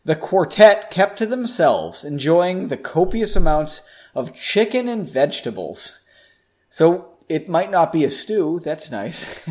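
A man's voice: fairly high pitch, a little mellow. A man hosting a podcast, reading a fantasy story aloud and breaking off for playful joking asides. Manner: playful, jokes and laughs at the text.

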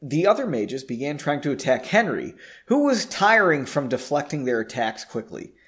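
A man reads a fantasy story aloud in a relaxed, casual way, often stopping for jokey asides and re-reading lines he stumbles on. His voice sits slightly high and swings widely in pitch. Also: moderate pace. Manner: chatty, self-correcting, jokey asides. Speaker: reader.

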